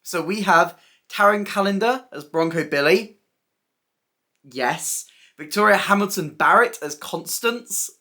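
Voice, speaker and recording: A woman's voice: medium pitch, unhurried, pushed and bright. A young woman, hosting a weekly theatre news recap in a chatty, playful way with giggly asides. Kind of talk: casual scripted news recap.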